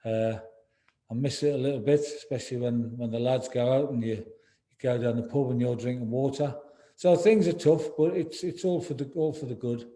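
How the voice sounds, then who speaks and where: A man in his sixties being interviewed, speaking candidly and haltingly, with many repeated words and "you know"s. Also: mid-range voice, fairly even intonation, mellow. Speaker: interview guest, former footballer.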